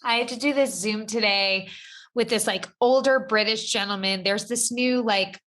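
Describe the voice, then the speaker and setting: Bright-toned woman co-host, rambly casual chat, says like a lot. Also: medium pitch, normal speed. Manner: rambling, full of "like" fillers. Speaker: podcast co-host.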